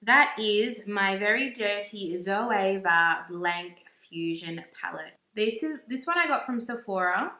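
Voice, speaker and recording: A woman's voice: medium pitch, lively intonation, slow, hardly any pauses, sharp tone. A young woman, chatting in a gushing, casual way as she reviews makeup in a vlog. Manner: gushing and chatty, with frequent "like" fillers. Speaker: beauty vlogger. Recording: echoey room.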